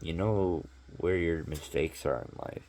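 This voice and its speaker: A man with a deep, rough-edged voice talks straight to his viewers. He tells a story in a loose, rambling way, full of "like" and swearing. The vocal fry gives him a gravelly texture. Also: a little slow, a little mellow, a little hiss or hum. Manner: rambling, filler-heavy, profane. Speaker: vlogger telling a story. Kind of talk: casual storytelling monologue.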